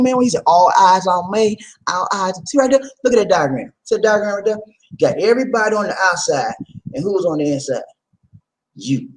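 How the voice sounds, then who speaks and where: A man hosting a vlog, talking casually to his viewers in an animated, laughing, rhetorical way, repeating his points often. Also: fairly high pitch, poor audio. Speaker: vlog host.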